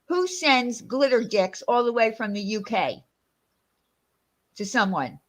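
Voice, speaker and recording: A woman's voice: fairly high pitch, lively intonation, slow pace, a bit bright. Woman host of a casual stream, heated and profane, rambling delivery. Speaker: channel host. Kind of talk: casual livestream chat.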